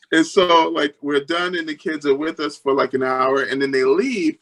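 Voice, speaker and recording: Speaking at a moderate pace with hardly any pauses, this man is a guest in a storytelling interview. He narrates earnestly, restarts sentences often, and takes on high, lively voices for other people's words.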